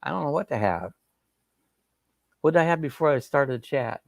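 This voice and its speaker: A middle-aged man with a gravelly, slightly rough voice chats casually on a livestream, reading viewer comments aloud. His talk is folksy and rambling, with plain drawled grammar. The sound is dry and close, with little room to it. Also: medium pitch, animated, moderate pace, no room sound. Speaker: livestream host.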